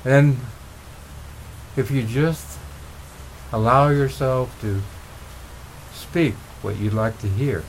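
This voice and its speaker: A middle-aged man telling motivational stories in a relaxed, rambling way, with frequent restarts. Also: medium pitch, slow, long pauses, slight background noise. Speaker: motivational speaker. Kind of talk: motivational storytelling.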